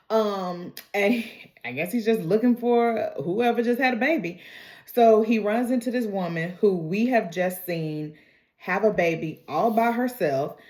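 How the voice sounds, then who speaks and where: A woman in a casual vlog, recapping and reacting to a TV episode in an animated, slangy, chatty way. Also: medium pitch.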